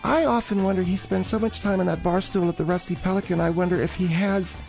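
A man's voice: sits high, fairly even intonation, fast talker, creaky, darkish tone, faint music behind. A man voicing a prim, fussy middle-aged woman who fills in as host of a comedy call-in radio show and calls callers dear and honey.

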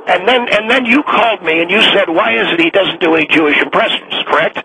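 Guy playing a pushy radio exec, high sharp voice, bounces all over, talks over people. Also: fast, gravelly, slight background noise, heavily acted, low-quality recording. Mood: bossy. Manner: overbearing, keeps cutting people off. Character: bossy pushy male radio executive.

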